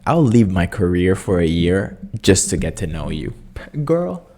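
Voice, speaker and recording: A young man hosting a casual solo podcast, talking in an animated, jokey way with lots of fillers. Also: moderate pace. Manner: animated, jokey, many fillers, squeaky excited impressions. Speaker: podcast host.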